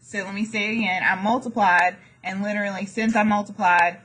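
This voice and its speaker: A woman's voice: mid-range voice, fairly even intonation, a little fast, a bit bright, low-quality recording. A woman math teacher giving a classroom lesson, chatty and jokey, with dramatic asides to her students.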